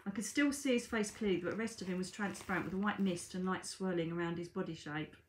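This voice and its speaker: A woman's voice: on the low side, fast talker, a little hiss or hum. A woman, a psychic medium, reading aloud from her own book and breaking off for chatty asides to viewers she calls darlings. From Britain. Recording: echoey room.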